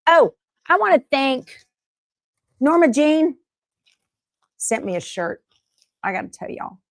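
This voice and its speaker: A woman's voice: high-pitched, big pitch swings, slow pace, no room sound. A middle-aged woman hosting a casual sewing livestream, chatting, laughing often and reading viewer comments aloud. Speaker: sewing show host.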